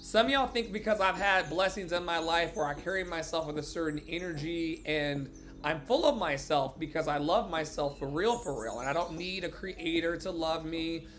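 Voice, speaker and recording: A man's voice: on the high side, normal speed, a bit bright. A man hosting a show, delivering an impassioned motivational sermon in an emphatic, blunt and profane preacher's manner.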